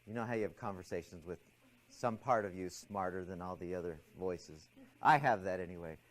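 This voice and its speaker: Pitched low and speaking fairly quickly, a middle-aged man runs a stress management class. He tells a story about himself with energy and expressiveness, restarting often.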